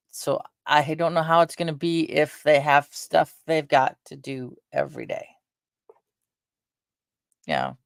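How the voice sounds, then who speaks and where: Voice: medium pitch, vocal fry, dry recording. Rambling middle-aged vlogger, dry sound. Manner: meandering, chatty, lots of fillers and restarts. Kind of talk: casual rambling chat.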